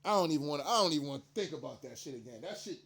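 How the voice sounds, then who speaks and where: A man with a fairly high voice talks straight to his audience in a loose, profane rant. He rambles, restarts his sentences and leans hard on slang and emphasis. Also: expressive, racing, a bit bright, breathy edge. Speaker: commentary channel host. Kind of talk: casual profane rant to camera.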